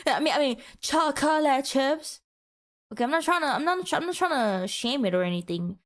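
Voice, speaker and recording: A woman's voice: high-pitched, very animated, fast talker, fairly bright tone. A woman streamer giving a mock-passionate, teasing rant to her chat in a playful, dramatic way.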